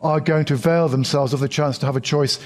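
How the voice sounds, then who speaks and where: A man giving expert analysis on polls, measured and explanatory. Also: on the high side, steady tone, a little mellow. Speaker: polling expert.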